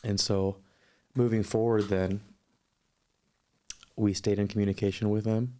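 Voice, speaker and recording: A man guest on a podcast, telling a personal story in a measured, thoughtful, sincere way. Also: fairly low pitch, little pitch movement, warm tone.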